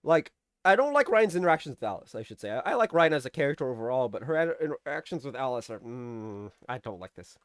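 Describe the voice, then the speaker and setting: A man's voice: medium pitch, very animated, quick pace, clean tone, no room sound, clean studio sound. A man giving a casual, rambling review of a TV episode. He uses lots of fillers and restarts and acts out the characters' lines as he recaps.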